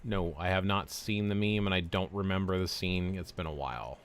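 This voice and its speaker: A man's voice: low voice, brisk, smooth. A man in his forties chatting casually on a game livestream, explaining what he does while answering viewers. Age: 40s. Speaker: game streamer.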